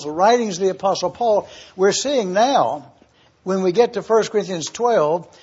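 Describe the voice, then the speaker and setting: A man's voice: sits high, a little mellow, breathy edge, muffled recording. A man teaching a Bible lesson as a sermon, emphatic and repetitive, spelling out Greek terms and stressing key points. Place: church or classroom with overhead projector.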